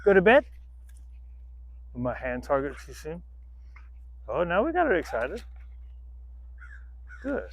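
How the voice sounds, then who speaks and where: A man's voice: a little high, huge pitch swings, slow, pauses often, slight background noise. A man training a dog outdoors, rambling casually to the camera, swearing freely and breaking off to give the dog commands.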